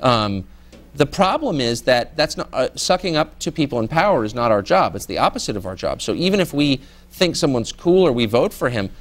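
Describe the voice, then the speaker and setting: A man's voice: mid-range voice, very animated, fairly quick. A middle-aged man, a journalist guest, answering student questions in a candid, sardonic way and mimicking people in mock voices. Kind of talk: candid audience Q&A.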